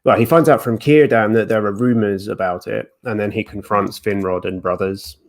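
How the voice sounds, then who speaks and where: A man with a fairly low voice talks things through in a casual chat, pausing on fillers. He is thoughtful and drops in dry, facetious asides. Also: fairly even intonation. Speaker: guest discussing Tolkien lore.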